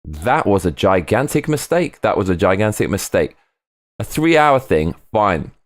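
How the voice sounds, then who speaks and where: A man hosting a casual live stream, chatting loosely and reading viewer comments aloud between tangents. His voice sits a bit low, he swears freely, and the sound is dry and close to the mic. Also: sing-song, moderate pace, no echo.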